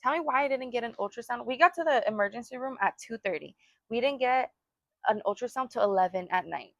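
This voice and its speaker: A woman's voice: on the high side, expressive, fast, creaky, a bit bright, no echo. A young woman co-hosting a casual chat, telling a personal story with feeling and lots of fillers. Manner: emotional storytelling, many fillers. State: pregnant or new mother. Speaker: podcast co-host.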